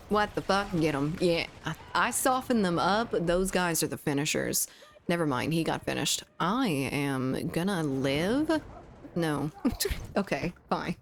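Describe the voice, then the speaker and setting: A woman's voice: deep voice, expressive, unhurried, a little hiss or hum. A young woman chatting casually with her chat while playing a shooter on a livestream, swearing freely and reacting to the game. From United States. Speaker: streamer.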